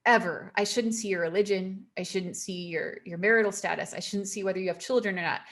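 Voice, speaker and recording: A woman leads an online career webinar, speaking at a middling pitch. Her talk is emphatic and she repeats her warnings, with an easy laugh between points. She sounds like a video call. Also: steady tone, fast. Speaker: webinar presenter. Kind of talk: presenting a webinar on resumes.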